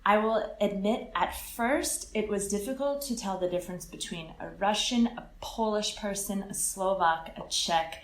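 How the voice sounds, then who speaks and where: Expressive American woman in an echoey room. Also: mid-range voice, normal speed, hardly any pauses. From California, USA. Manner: animated, expressive, laughs often. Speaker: guest. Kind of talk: casual interview chat.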